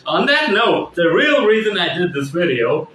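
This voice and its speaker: A man's voice: high voice, big pitch swings, normal speed, pushed and bright, slight background noise. Rambling, profane man ranting in an echoey room. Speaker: vlogger. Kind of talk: casual vlog rant.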